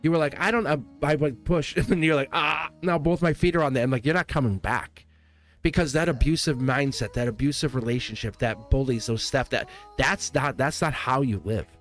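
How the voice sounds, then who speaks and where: Over faint background music, a man gives his viewers a live tarot reading, gushing, encouraging, and reassuring. At an ordinary middle pitch, he talks fairly quickly with hardly any pauses, laughing often and repeating lines twice.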